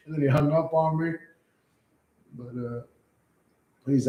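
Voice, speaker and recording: A man's voice: a little high, steady tone, normal speed, dark tone. Profane rambling man livestreaming. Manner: profane, rambling, reacts to chat. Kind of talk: casual livestream chat. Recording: echoey room.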